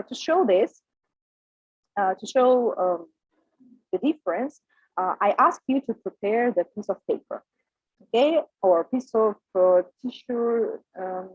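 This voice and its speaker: A young woman teaching a pronunciation lesson, speaking haltingly with many fillers. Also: fairly high pitch, husky, no room sound. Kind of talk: recorded micro lesson. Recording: dry, dull lo-fi sound.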